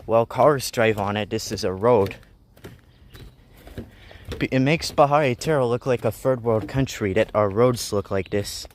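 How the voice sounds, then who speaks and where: A man's voice: medium pitch, moderate pace, a little hiss or hum. A young man rambling, joking and griping as he walks a rural mountain road, live-streaming from a handheld phone. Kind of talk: casual live-stream vlog.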